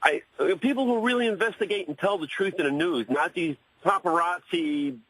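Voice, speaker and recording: A man's voice: high voice, brisk, fairly bright tone, husky, no room sound, low-quality recording. A man calling in to a radio talk show over the phone, rambling and searching for words. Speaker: radio caller. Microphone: phone call.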